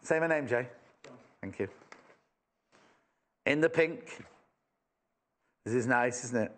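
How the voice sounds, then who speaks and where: A man's voice: medium pitch, slow, a bit bright. A man from England presenting a live sewing shopping show, chatty and enthusiastic with self-mocking asides. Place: TV studio.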